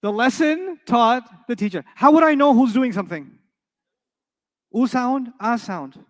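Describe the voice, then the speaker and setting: A man's voice: very high-pitched, lively intonation, a little slow. A middle-aged man teaching Arabic to a live class, playful and jokey, often quizzing his students. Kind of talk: classroom lecture to a live audience. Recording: reverberant lecture hall.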